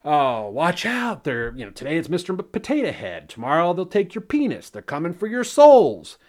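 A shrill, fearmongering male TV blowhard, as a man puts him on. The voice climbs high and drags out every warning, swinging up and down as the alarm builds. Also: wildly swooping pitch, normal speed, a little mellow. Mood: alarmist.

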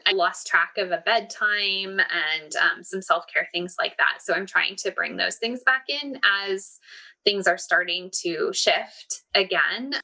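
A woman who runs a small business, answering interview questions in a brisk, earnest way. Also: fairly low pitch, sharp tone, low-quality recording. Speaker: guest, small business owner. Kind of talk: interview talk.

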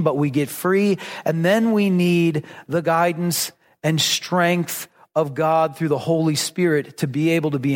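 Earnest high-voiced preacher with reverb. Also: male voice. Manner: earnest, emphatic, conversational preaching. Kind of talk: sermon.

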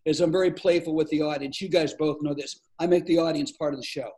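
This is an older man with a fairly high voice. He is a comedian telling stories as a guest, and he does it playfully and with animation, often laughing along with his own tales. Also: steady tone, quick pace, dark tone. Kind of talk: storytelling in a podcast interview.

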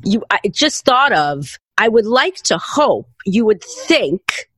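A woman's voice: mid-range voice, very animated, slow, fairly bright tone, husky, no room sound. A woman interviewer who is also an actress, asking long, searching questions and reacting strongly. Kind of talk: conversational interview.

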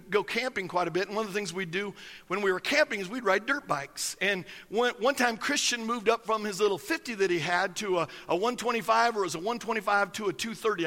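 A man's voice: high voice, sharp tone, big-room sound. A man preaching a sermon as pastor, folksy and emphatic, telling stories to his congregation.

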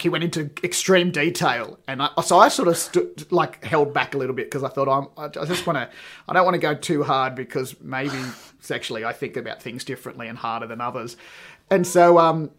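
A man hosting a podcast, telling stories in a rambling, casual way with many pauses and ums. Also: medium pitch, a bit bright. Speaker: podcast host. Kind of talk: casual interview chat.

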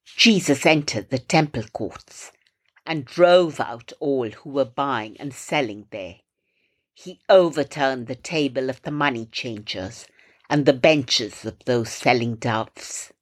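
A woman from India hosting a Christian meditation podcast, calmly guiding breathing and scripture reflection. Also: rumbling low. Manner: calm, slow, gently instructive.

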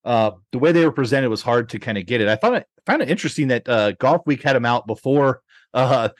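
A man's voice: medium pitch, animated, quick pace, no echo. A man hosting a podcast in casual chat, rambling with many restarts and fillers. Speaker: podcast host.

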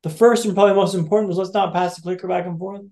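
High-voiced man telling a vivid story. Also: racing. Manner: energetic storyteller who repeats phrases for rhythm and emphasis. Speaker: podcast guest, motivational speaker. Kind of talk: storytelling in a podcast interview.

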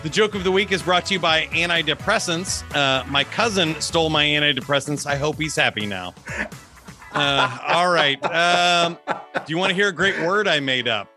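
A man's voice: fairly high pitch, moderate pace, bright, forceful tone, faint music behind. A man in his forties hosting a podcast, upbeat and jokey in casual chat. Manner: upbeat, jokey, loose with filler words. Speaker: podcast host.

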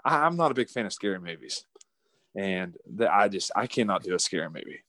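Man, low voice, animated folksy storyteller, dry recording. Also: a little fast, no room sound. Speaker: guest. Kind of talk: casual storytelling.

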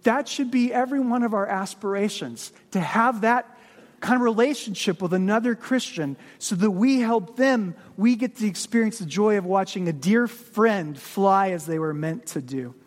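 Male pastor, high voice, earnest exhorting sermon, long church-hall reverb. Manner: earnest and exhorting, with slowed emphatic phrases. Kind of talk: sermon storytelling.

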